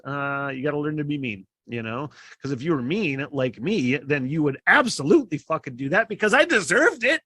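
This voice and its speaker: A man's voice: mid-range voice, fairly quick, vocal fry, sharp tone, dry recording. A man hosting a podcast, telling a rambling story in a casual, profane way, full of fillers and laughs. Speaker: podcast host. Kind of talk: casual monologue. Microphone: podcast microphone.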